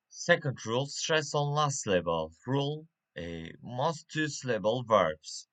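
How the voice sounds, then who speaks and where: Slow guy explaining word stress rules, bright voice, keeps stumbling and restarting. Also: medium pitch, expressive. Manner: halting, with many uhs and restarts. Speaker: English teacher. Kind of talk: reading a pronunciation lesson.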